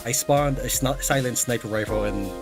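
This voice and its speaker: A man's voice: medium pitch, normal speed, soft background music. A man chatting casually while playing a co-op game, explaining the mechanics and teasing his friends. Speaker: game player. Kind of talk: casual co-op gaming chat.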